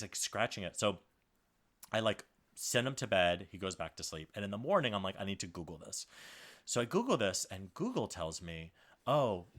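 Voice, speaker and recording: A man co-hosting a podcast, telling a story in casual chat and acting out the quoted dialogue with lots of life. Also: lowish voice. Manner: animated, acts out quoted dialogue. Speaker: podcast co-host.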